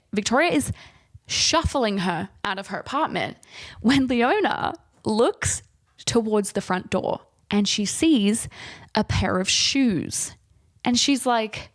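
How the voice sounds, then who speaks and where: A woman's voice: medium pitch, dry recording. A young woman vlogger giving a casual, sarcastic book recap, swearing and laughing often.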